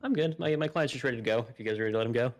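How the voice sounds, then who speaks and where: Man, rapid delivery, fussy insistent roleplay lawyer. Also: mid-range voice.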